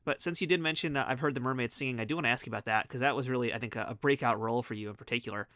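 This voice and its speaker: American guy hosting, talks super fast, dry mic. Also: mid-range voice, fairly bright tone, no echo. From United States. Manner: enthusiastic, rapid talker. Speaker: podcast host. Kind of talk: casual interview.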